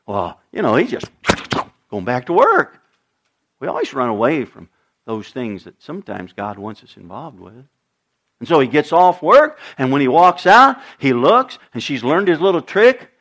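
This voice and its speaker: A man's voice: mid-range voice, sing-song, normal speed, a bit bright. A middle-aged man preaching a sermon, telling stories and acting out the dialogue in different voices. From United States. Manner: storytelling, acts out dialogue with shifting voices. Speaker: pastor.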